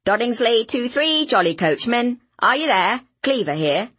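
A woman's voice: on the high side, big pitch swings, unhurried, fairly bright tone, no room sound, voice pushed up, full character voice. Woman doing a curt village innkeeper. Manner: curt, blunt. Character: gruff village innkeeper man on the phone.

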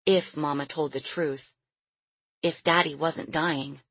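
A woman reading a novel aloud as a narrator in measured storytelling. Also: sits low, fairly even intonation, fairly bright tone, breathy edge, dry recording. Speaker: audiobook narrator. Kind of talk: scripted narration.

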